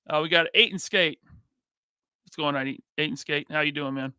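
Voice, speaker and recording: A man's voice: on the high side, sharp tone, clean tone, no echo, clean studio sound. A man hosting a live podcast, greeting chat members by name in a casual, upbeat way. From United States. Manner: reads out chat names with quick greetings. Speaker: podcast host.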